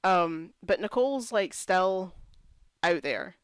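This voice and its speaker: A woman's voice: on the low side, lively intonation, slow pace, smooth, no echo. Exasperated young woman ranting on a vlog. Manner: exasperated, ranting, heavy use of "like". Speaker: vlogger reviewing a TV series. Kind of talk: casual chat.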